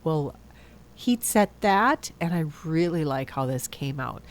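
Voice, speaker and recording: A woman's voice: low-pitched, animated, slow pace. Stuffy-nosed woman chatting through a craft. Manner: chatty, self-correcting, thinks aloud. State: stuffy from a cold. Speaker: card-making video host. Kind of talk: casual crafting voice-over.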